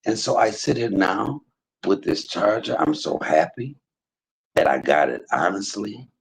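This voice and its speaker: A man's voice: sits low, lively intonation, unhurried, creaky, a little hiss or hum, rough recording. A man streaming live to his viewers, telling a story in an emphatic, preachy way, full of religious exclamations. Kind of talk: casual spoken testimony to a live chat.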